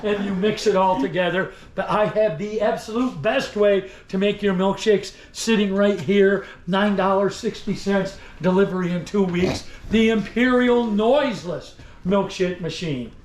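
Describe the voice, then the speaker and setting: A man with a high, bright voice works the crowd like an old-time salesman, full of showy flourishes and playful jabs at his listeners. He speaks to the group directly as he leads a museum tour. The sound bounces around an echoey indoor room, with a faint hum of noise behind him. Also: a little slow, hardly any pauses. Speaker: costumed museum tour guide. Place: indoor store museum among visitors.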